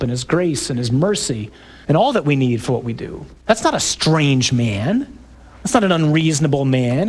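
Man, priest, conversational sermon, emphatic, rhetorical questions, fairly high voice. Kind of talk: talk to a men's group.

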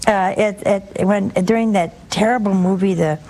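An older woman hosting a religious call-in show, giving gentle spiritual counsel and calling her callers honey and sweetheart. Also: mid-range voice, fairly even intonation, normal speed, poor audio.

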